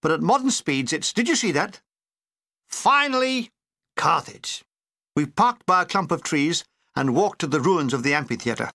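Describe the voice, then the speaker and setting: Brief: older male author-narrator, bright lively voice, dry comic timing, close dry recording. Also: a little high, moderate pace, no room sound. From Britain. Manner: comic, dry, animated delivery. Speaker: author reading his own memoir. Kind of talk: audiobook narration with character voices.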